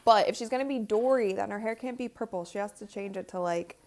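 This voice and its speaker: A woman hosting a live game watch party, chatting with viewers and reacting out loud to each play. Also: mid-range voice, quick pace. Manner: talks to chat viewers. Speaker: livestream host.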